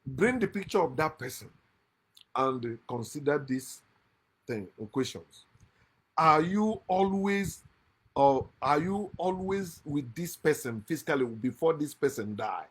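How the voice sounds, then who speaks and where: A man from Nigeria, hosting an impassioned monologue, emphatic and lecturing, with loud outbursts, quiet asides and frequent laughter. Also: a little high, expressive, measured pace, husky. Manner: laughs often mid-speech. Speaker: channel host. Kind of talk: impassioned monologue against religion. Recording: lives in America.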